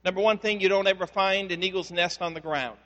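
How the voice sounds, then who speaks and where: Male pastor, high voice, storytelling sermon with stop-start restarts, big reverberant church hall. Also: steady tone, bright, forceful tone, highs cut off. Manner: conversational storytelling with repeated word restarts; rises to slow, emphatic preaching.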